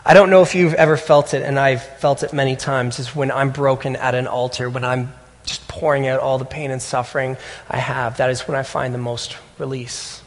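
A man preaching a sermon as a pastor, telling a personal story earnestly with halting restarts. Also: medium pitch, long reverb tail.

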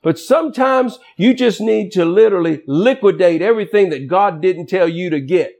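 A man's voice: sits high, moderate pace, darkish tone. A man preaching a sermon as pastor, emphatic and folksy, with casual, colloquial asides.

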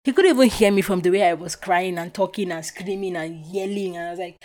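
A woman's voice: on the low side, quick pace. A young adult woman from Nigeria hosting a podcast, telling a personal story with emotion and acting out what was said. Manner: animated, emotional retelling with acted-out quotes. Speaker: podcast host.

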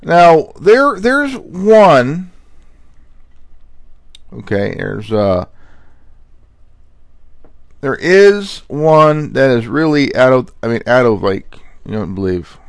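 A man's voice: mid-range voice, big pitch swings, slow pace, creaky, pauses often, no echo. A man hosting a casual show, retelling funny emergency calls in a rambling, profane way, stumbling over words and asking "okay?" a lot. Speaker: host. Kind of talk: casual commentary on viral clips.

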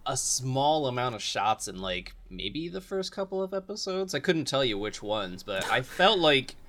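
A man's voice: medium pitch, sing-song, normal speed, a bit bright, slight background noise. A man co-hosting a casual podcast, talking hesitantly with many fillers. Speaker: podcast co-host. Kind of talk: casual chat.

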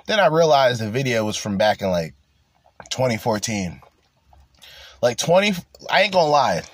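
A man doing casual reaction commentary, laughing and swearing in loose slang. His pitch swings widely as he gets worked up. The sound is close and dry, with no room around it. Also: moderate pace, no echo. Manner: animated, laughing, profane slang.

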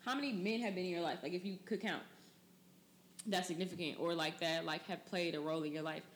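Chatty woman podcast host, lower voice. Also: fairly even intonation, fast talker, a little hiss or hum. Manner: loose, chatty, many fillers. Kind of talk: casual chat.

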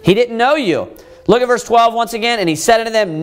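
A man with a very high-pitched voice preaches briskly, reading scripture aloud and posing rhetorical questions to his audience. He raises his voice to act out characters who are pleading.

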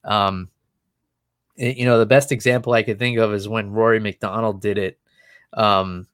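A man's voice: fairly low pitch, steady tone, fairly bright tone, clear, resonant tone, no echo. A man talking casually about a fight, full of restarts and fillers as he thinks aloud. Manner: fast, rambling, many restarts and fillers. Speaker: MMA analyst guest. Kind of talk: casual podcast chat.

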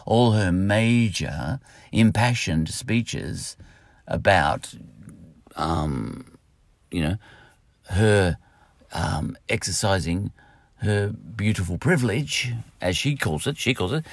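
A man's voice: sits low, animated, takes it slowly, gravelly, no echo. A man with an Australian accent, rambling through a solo podcast monologue, full of fillers and asides. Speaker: podcast host.

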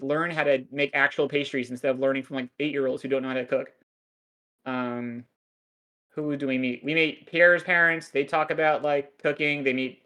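A man's voice: on the high side, fairly bright tone. A man in his thirties co-hosting a podcast, recapping a cartoon in a crude, sardonic, rambling way with lots of swearing. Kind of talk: casual podcast chat.

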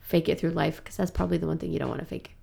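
Brief: woman in her thirties, improv actor type, gravelly edge to the voice, animated storyteller. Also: low voice, racing. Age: 30s. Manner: animated storyteller, laughs often. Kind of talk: casual chat.

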